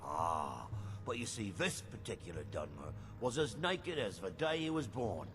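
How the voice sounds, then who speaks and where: Lively game innkeeper. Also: male voice, on the low side, normal speed. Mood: warning. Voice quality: animated storyteller. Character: gruff male innkeeper spinning a yarn. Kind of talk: game dialogue.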